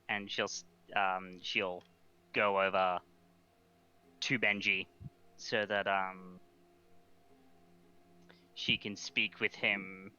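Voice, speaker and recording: Slow hesitant man on a muffled mic. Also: lowish voice, steady tone, bright, forceful tone, smooth. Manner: hesitant, many ums and restarts. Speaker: player. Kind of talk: narrating his character's actions. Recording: muffled lo-fi mic with faint hiss.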